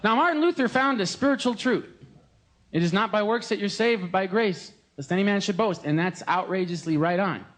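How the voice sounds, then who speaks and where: A young American man in his twenties, giving a joking, animated sermon at a live concert and mimicking voices. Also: high voice, fairly quick, slight background noise. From United States. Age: 20s. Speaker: gospel singer preaching.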